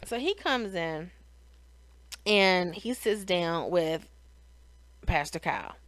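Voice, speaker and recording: A middle-aged woman talks through a reality show episode in a slow, easygoing way, full of sighs, asides and restarts. Her voice is smooth and clear. It is recorded close and dry, with no room echo. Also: lowish voice, lively intonation, fairly bright tone. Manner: chatty, opinionated, frequent sighs and restarts. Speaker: reality show recap host. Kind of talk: casual recap commentary.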